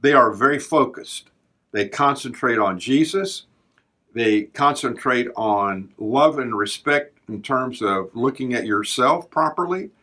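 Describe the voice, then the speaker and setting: A man's voice: medium pitch, lively intonation, measured pace, pushed and bright. An older man hosting a devotional podcast, talking in an earnest, preacherly way as he works through a numbered list. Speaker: podcast host.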